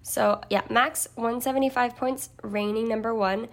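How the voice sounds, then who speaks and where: A woman's voice: fairly high pitch, fairly even intonation, moderate pace. A young woman co-hosting a casual podcast, upbeat and giggly as she runs through lists and recaps. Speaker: podcast co-host.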